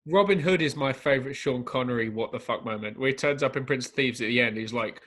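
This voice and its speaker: A man co-hosting a podcast over a remote call, talking about movies in a halting, laughing way. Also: mid-range voice, fairly bright tone. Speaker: podcast co-host. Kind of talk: casual movie chat. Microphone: remote call recording.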